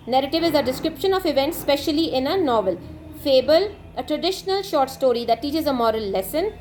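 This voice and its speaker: Female English teacher with a high voice, reads items aloud and explains them methodically, faint hum behind her. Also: a little mellow. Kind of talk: textbook lesson explanation.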